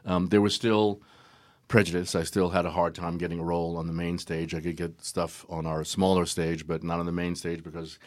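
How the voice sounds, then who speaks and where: Deep-voiced older man telling stories. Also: little pitch movement, fairly quick. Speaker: guest actor. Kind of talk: storytelling in a conversational interview.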